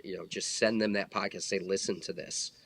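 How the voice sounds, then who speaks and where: Deep-voiced man in his forties, earnest. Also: steady tone, a little fast, vocal fry, fairly bright tone. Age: 40s. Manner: earnest, explanatory, many fillers. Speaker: guest, former federal agent. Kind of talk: casual podcast conversation.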